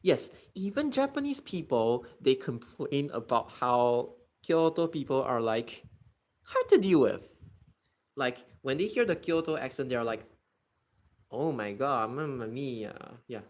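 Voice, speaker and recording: A man's voice: mid-range voice, very animated, a little slow, a little mellow. A man from Singapore streaming a geography game, chatting casually and ranting about how people pronounce words. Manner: ranting, exasperated about pronunciation. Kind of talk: casual gaming commentary, reading chat.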